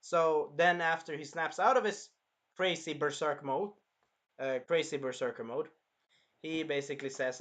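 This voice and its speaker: Young male host, casual rambling reviewer, bright forward voice. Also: a little high, steady tone, normal speed. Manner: rambling, filler-heavy, acts out scenes.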